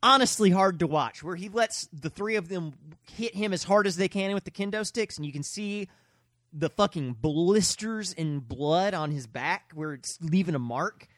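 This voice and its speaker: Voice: mid-range voice, normal speed, fairly bright tone, dry recording. A podcast co-host chatting casually with wry jokes, laughing often and swearing freely. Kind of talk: casual chat.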